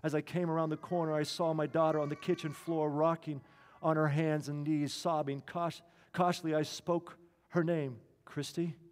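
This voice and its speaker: A man, a pastor, tells a story in an earnest sermon, slowing down to stress key lines. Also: on the high side, little pitch movement, in a large hall.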